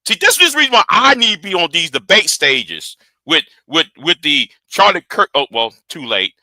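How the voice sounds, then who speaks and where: A man hosting a live stream, reacting to clips in excitable commentary and repeating words as he builds a point. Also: a little high, moderate pace, no echo.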